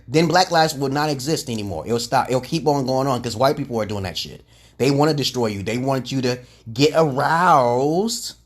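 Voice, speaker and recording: In a ranting livestream monologue, the husky host curses and picks fights, his delivery rising into loud outbursts and then dropping to low mutters.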